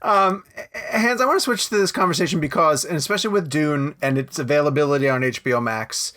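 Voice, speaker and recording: A man's voice: fairly high pitch, fast talker, sharp tone. A man hosting a film podcast, steering the interview toward his next question. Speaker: podcast host.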